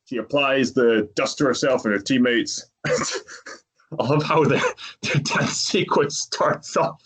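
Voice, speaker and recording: A man's voice: mid-range voice, slow, a bit bright. A man hosting a podcast, retelling a movie's plot in a casual, chatty way and laughing often. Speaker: podcast host.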